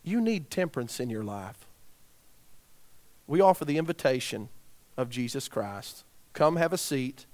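A man preaching a sermon, dropping to quiet, grave emphasis and rising to loud shouts as he tells a story. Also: mid-range voice, big pitch swings, a little slow, pauses often.

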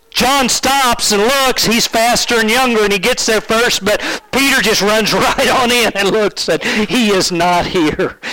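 A man preaching a sermon, retelling a Bible story in a storytelling manner, asking the listeners questions and dropping to hushed tones. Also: sits high, dry recording, low-quality recording.

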